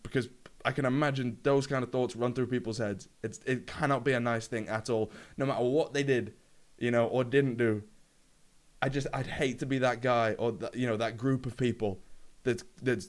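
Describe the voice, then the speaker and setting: Man ranting off the cuff. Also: medium pitch. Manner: rambling, swears freely, many fillers. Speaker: gaming YouTuber. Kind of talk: unscripted rant to camera. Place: his own room, alone. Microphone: camera in room.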